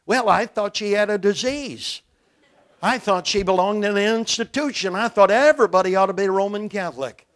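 Emphatic high-voiced older preacher. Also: male voice, normal speed. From Brooklyn, New York. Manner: emphatic, dramatic swings in loudness. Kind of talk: sermon. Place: church, behind a pulpit.

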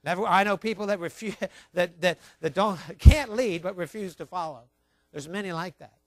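A man's voice: sits high, moderate pace, no echo, clean studio sound. A man teaching parenting from a Christian view in a sermon style, emphatic and fond of repeating key phrases.

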